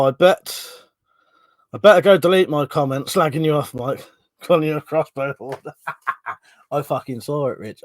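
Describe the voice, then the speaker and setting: Man, livestream host, casual and swearing, mid-pitched voice, dry close sound. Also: no echo. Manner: chatty and swearing, laughs often. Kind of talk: casual live chat reading comments.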